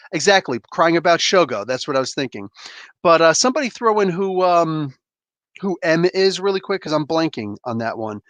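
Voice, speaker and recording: A man's voice: on the high side, fairly bright tone, no room sound. A man casually reviewing comics on a live stream, loose and joking, laughing often and swearing a bit.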